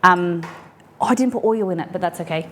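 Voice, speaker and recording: A woman's voice: fairly low pitch, fairly quick, a bit bright. A young adult woman chatting casually while cooking on a live stream from her home kitchen, playful and rambling with giggly asides.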